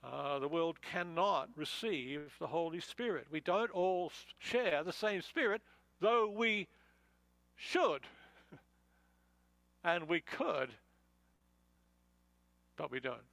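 Man, sermon, conversational, fillers and restarts, fairly high voice, dry room. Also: animated, slow, creaky, pauses often, fairly bright tone, no echo, poor audio. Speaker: pastor. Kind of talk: expository sermon.

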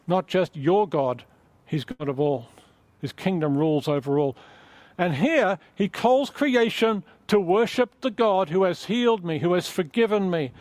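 A man's voice: high-pitched, lively intonation, measured pace, darkish tone, dry recording. A man preaching an earnest sermon on a psalm and leading a closing prayer, emphatic and teacherly, often restarting phrases.

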